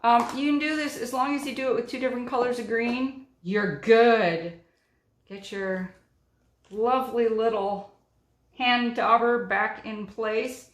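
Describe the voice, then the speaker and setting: A woman's voice: fairly high pitch, steady tone, measured pace, slight background noise. A middle-aged woman chatting through a card-making tutorial, talking her way through each step with frequent ums. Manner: chatty, narrates while working, many ums. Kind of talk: crafting tutorial chat. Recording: echoey room.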